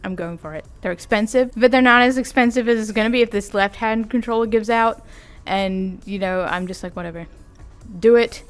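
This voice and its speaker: A woman's voice: on the high side, a little fast, clean tone, soft background music. A young adult woman vlogging in a casual, rambling, self-deprecating chat with giggly asides. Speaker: vtuber vlogger.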